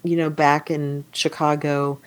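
A woman co-hosting a podcast, chatting casually about a film and retelling scenes in a lively way with frequent laughs. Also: deep voice, unhurried. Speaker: podcast co-host.

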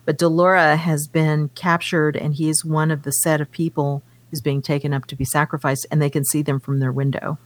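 A woman's voice: sits low, flat delivery, a little fast, hardly any pauses. A woman co-hosting a casual book discussion, reading passages aloud from the novel between her comments. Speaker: podcast co-host.

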